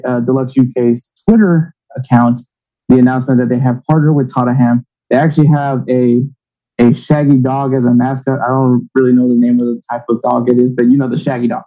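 A man's voice: mid-range voice, steady tone, brisk, dark tone, dull audio. A man co-hosting a sports podcast, rambling and teasing in casual chat. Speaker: podcast co-host.

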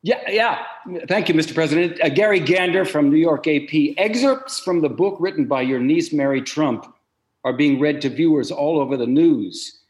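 A man's voice: a little high, normal speed. Eager man playing a reporter. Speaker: mock reporter. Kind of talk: comedic sketch.

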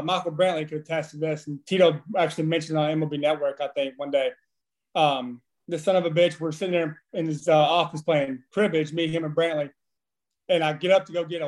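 A man in his thirties, a former ballplayer, telling profane, animated stories in casual chat. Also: on the high side. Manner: profane, animated storyteller with laughs. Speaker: former baseball player, podcast guest.

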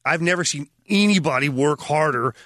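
A man talking casually on a podcast as a retired hockey player and co-host, telling lively stories and acting out what other people said. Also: fairly high pitch, normal speed, dry recording, studio quality. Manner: lively storyteller acting out quotes.

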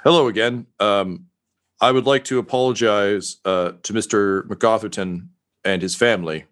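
A man voicing a sheepish, agitated male factory announcer over a loudspeaker, fawning and apologetic. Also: lowish voice, fairly even intonation, moderate pace, close to an everyday voice.

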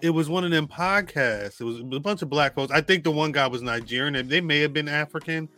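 A man's voice: fairly high pitch, a little fast, sharp tone, faint music behind. A man co-hosting a podcast in casual chat, geeky and talkative, laughing often. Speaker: podcast co-host.

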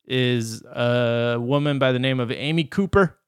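A man with a smooth, clear voice, hosting a podcast conversation. He lays out a story with dry sarcasm and little laughs. The sound is close and dry. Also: mid-range voice, a little slow, dry recording. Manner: sardonic, laughing asides. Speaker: podcast host. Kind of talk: casual podcast chat.

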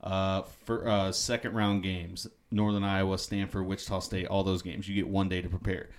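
A man's voice: low voice, level tone, normal speed. A man hosting a casual sports podcast, upbeat and joking as he leads the segments. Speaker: podcast host.

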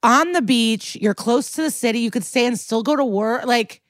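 A woman's voice: on the high side, normal speed, no room sound, clean studio sound. A woman co-hosting a podcast, chatting in an easygoing way with trailing asides. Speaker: podcast co-host. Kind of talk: casual chat.

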